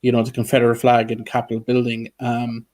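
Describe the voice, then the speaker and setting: A man's voice: medium pitch, monotone, fairly quick, darkish tone. Earnest man hosting a video-call interview. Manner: many ums and restarts, earnest. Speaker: host. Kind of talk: casual interview.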